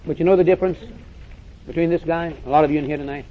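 A man's voice: on the high side, fairly even intonation, rapid-fire, a little hiss or hum. A man preaching a sermon, emphatic and direct, repeating phrases and calling listeners to listen. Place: church or meeting hall with audience. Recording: dull lo-fi recording.

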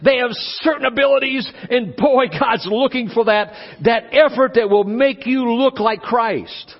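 A male pastor preaching a sermon, animated, acting out little dialogues as he goes. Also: very high voice, unhurried, hardly any pauses. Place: church conference hall. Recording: dull live recording in a reverberant hall.

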